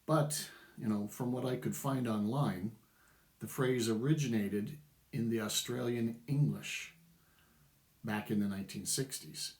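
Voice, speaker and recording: A man's voice: mid-range voice, unhurried, a little mellow, reverberant. A middle-aged man giving casual, opinionated commentary to camera, chuckling wryly as he goes. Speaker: vlogger.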